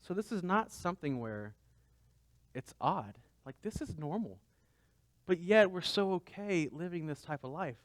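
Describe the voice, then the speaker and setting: A man's voice: high voice, expressive, unhurried, no echo. A man pastor preaching a conversational sermon, asking his listeners rhetorical questions.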